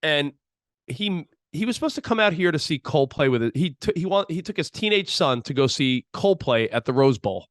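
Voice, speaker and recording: A man co-hosting a parenting podcast, chatting casually and telling animated stories about his kids. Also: a little high, brisk, no room sound, clean studio sound. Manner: animated storytelling, acts out his kids' voices. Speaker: podcast co-host. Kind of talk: casual chat.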